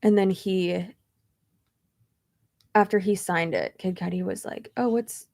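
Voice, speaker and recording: A woman's voice: lowish voice, fairly even intonation, measured pace, creaky, darkish tone. A woman vlogger chatting casually, rambling through a story with lots of fillers and restarts. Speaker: beauty vlogger.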